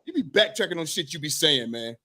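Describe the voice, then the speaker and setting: A young man co-hosting a sports podcast, loud and insistent, arguing in a heated debate. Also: a little high, big pitch swings, fast talker, no room sound. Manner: loud, insistent, says he always talks this way. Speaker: podcast co-host.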